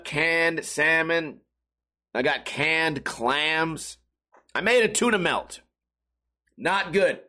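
A man's voice: fairly high pitch, sharp tone. A young man, a live streamer, talking in a rambling, profane, self-mocking casual monologue.

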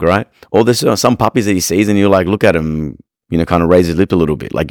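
A man talks through dog-training advice in a frank, rambling way, often circling back and restarting his sentences. His voice sits extremely low. The recording is dry and close, with no room sound. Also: fast, darkish tone, no echo. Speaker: dog trainer, podcast host. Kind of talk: casual advice monologue.

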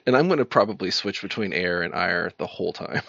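A man's voice: low-pitched, lively intonation, brisk, creaky, fairly bright tone, no echo, muffled recording. A man co-hosting a casual chat, playful and laughing often. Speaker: podcast co-host.

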